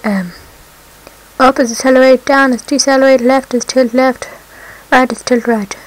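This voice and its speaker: A woman giving casual let's-play commentary, excitable, swearing often and breaking into squeals and whoops. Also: high-pitched, normal speed, rough recording. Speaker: gameplay commentator.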